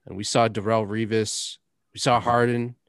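A man's voice: lowish voice, little pitch movement, moderate pace, smooth, no echo. Young man, podcast host, rambling anecdotal delivery, dead-dry close mic. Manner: rambling storyteller, laughs often, drops curses. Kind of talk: casual chat.

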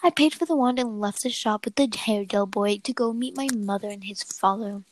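A young woman reading a story aloud with a friend, playful and quick to break into giggles. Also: medium pitch, no room sound, poor audio. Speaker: story reader.

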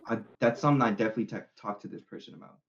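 A man's voice: medium pitch, rapid-fire. A young man chatting casually as a podcast guest, rambling and repeating himself as he retells what friends said. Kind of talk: casual chat. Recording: slightly dull lo-fi sound.

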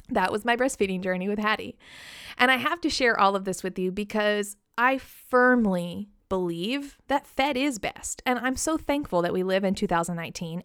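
Candid, chatty mom hosting a podcast. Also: female voice, medium pitch, no room sound, studio quality. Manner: candid and chatty, laughing at herself. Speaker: podcast host. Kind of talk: personal story on a podcast.

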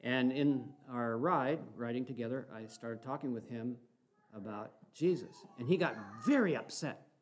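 A man's voice: medium pitch, normal speed, slight background noise. An older man in his sixties preaching a sermon, telling stories earnestly and rising to fervent exhortation.

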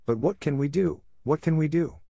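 A man voicing a band of simple, eager young boys in a storybook reading, crying out excitedly. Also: on the low side, moderate pace, no echo, studio quality.

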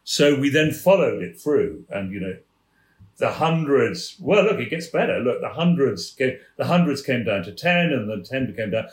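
A man from England, a former theatre manager, telling lively backstage anecdotes as a podcast guest and acting out the voices in his stories. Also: medium pitch, normal speed. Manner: lively raconteur, acts out quoted voices. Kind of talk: anecdotal storytelling. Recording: roomy echo.

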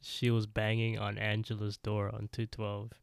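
Male co-host, casual recap, animated storyteller; low voice, dry close sound. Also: normal speed, gravelly, clear, resonant tone, dry recording. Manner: animated storytelling, laughs often. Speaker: podcast co-host.

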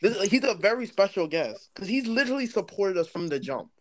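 A young man co-hosting a casual podcast, joking deadpan and thanking a guest sincerely. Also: sits high, brisk. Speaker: podcast co-host.

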